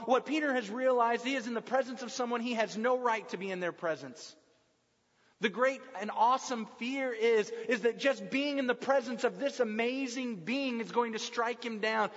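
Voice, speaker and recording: A man preaching a sermon to a congregation. He is emphatic, building to loud passionate peaks and then dropping to hushed tones. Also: sits high, animated, normal speed. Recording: dull lo-fi sound with long hall reverb.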